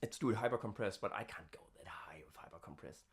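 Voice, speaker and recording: A scream vocalist in a casual practice diary, winded from screaming, with a gravelly fry texture, chatting between takes and sometimes dropping to a hushed whisper. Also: medium pitch, fast talker.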